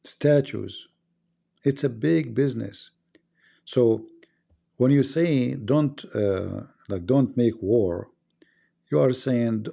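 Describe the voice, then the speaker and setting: Hosting a livestream, this man talks casually and argumentatively in English, leaning on rhetorical questions and using non-native grammar. His mid-range voice is unhurried, creaky and dark in tone.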